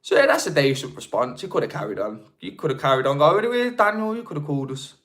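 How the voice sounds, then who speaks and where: A man's voice: on the high side, big pitch swings, fast talker, a bit bright. A man with a Birmingham accent, chatting casually on a live stream and answering viewer comments. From England. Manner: chatty, rambling, with frequent restarts. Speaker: livestream host.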